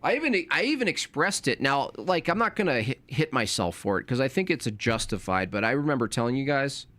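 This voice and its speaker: A man's voice: mid-range voice, very animated, a little fast, a bit bright, no room sound. A young man talking casually on a live stream, rambling and correcting himself, with informal slang.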